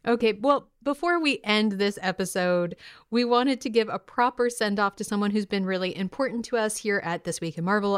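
A woman's voice: medium pitch, clear, resonant tone. Bubbly woman co-hosting a podcast. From Hudson Valley, New York. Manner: bubbly, excitable, reads listener mail. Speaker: podcast co-host. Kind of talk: casual podcast chat.

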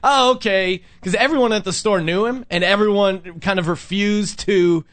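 A man's voice: sits high, moderate pace, no echo. A young adult man hosting a podcast, telling a story in casual chat and acting out the people he quotes. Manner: animated, acts out people he quotes. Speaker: podcast host.

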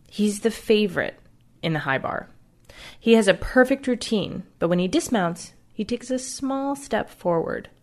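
A woman's voice: on the low side, darkish tone. A woman hosting the show, giving scripted narration with dry, wry understatement. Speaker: podcast host and narrator.

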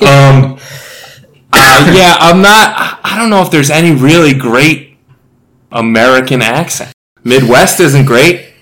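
Joking bright-voiced man co-host. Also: medium pitch, slow pace. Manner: joking, laughs often. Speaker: podcast co-host. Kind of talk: casual sports chat.

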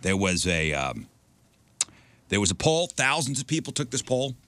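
A man's voice: mid-range voice, sing-song, normal speed, fairly bright tone, dry recording. A man hosting a morning radio show, in casual banter, dry and joking.

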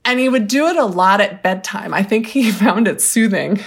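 Woman, medium pitch, animated storytelling, laughs easily, casual chat. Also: moderate pace, husky. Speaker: podcast co-host.

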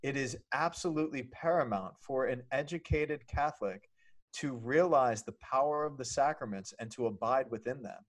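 A man's voice: mid-range voice, moderate pace. A man, a priest co-hosting a podcast, talking in an effusive, emotional way. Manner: effusive and emotional, excited exclamations. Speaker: priest co-host. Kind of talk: casual podcast chat.

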